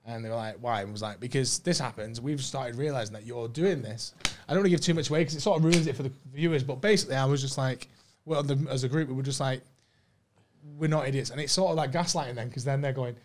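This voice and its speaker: A man recounts his time on a reality show in loose podcast chat. He talks very fast and swears often, and his voice sits at an ordinary middle pitch. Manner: fast, animated storytelling with lots of swearing. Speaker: podcast guest, former reality TV contestant.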